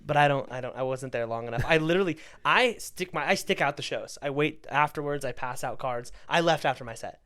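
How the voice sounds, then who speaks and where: A young man co-hosting a podcast, telling a stand-up story in a casual, animated way, often laughing and acting out what people said. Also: medium pitch, brisk, few pauses. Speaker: podcast co-host, stand-up comedian.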